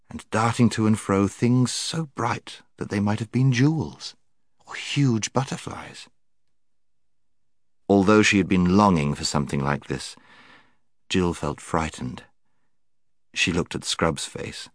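A man narrating a children's storybook in a low, deep voice. His telling is measured and expressive, and the recording is dry and close with no room sound. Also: dry recording. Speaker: audiobook narrator. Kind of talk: scripted narration.

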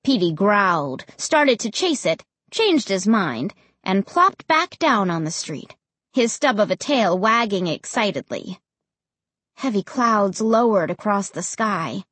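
A woman reading a children's story aloud, slow and unhurried with a breathy voice. Her pitch moves a lot as she reads expressively, and the recording is dry and close. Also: big pitch swings, a bit bright, no echo. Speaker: audiobook narrator. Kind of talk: scripted narration of a children's story.

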